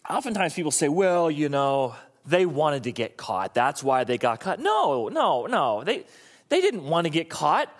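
A man in his thirties preaching a sermon, telling the story with animated, acted-out voices. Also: high voice. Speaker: pastor.

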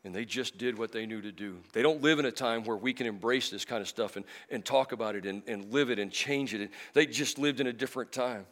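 A middle-aged man preaching a sermon in church, emotional, moving from loud emphasis to soft, slow passages. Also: medium pitch. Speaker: pastor.

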